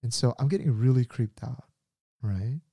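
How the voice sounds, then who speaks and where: A man in his thirties hosting a podcast and telling a story in an animated, casual way, laughing at himself. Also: medium pitch, normal speed, husky, no echo, clean studio sound. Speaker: podcast host.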